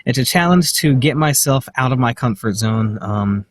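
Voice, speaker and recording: A man's voice: mid-range voice, lively intonation, normal speed, slight background noise. A young man rambling through a casual vlog monologue, hesitant, full of fillers and restarts, swearing offhandedly. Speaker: vlogger. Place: dark room.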